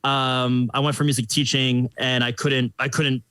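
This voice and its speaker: A man's voice: mid-range voice, flat delivery, normal speed, bright, forceful tone, clear, resonant tone, dry recording. A young man, a guest on a podcast, chatting casually in a rambling, jokey way with many fillers. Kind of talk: casual chat.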